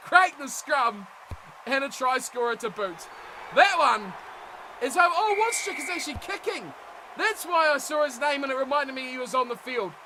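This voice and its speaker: A young man giving animated play-by-play commentary on a rugby management game, shouting at big plays and chatting to viewers. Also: very high-pitched, normal speed, background noise. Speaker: gaming commentator.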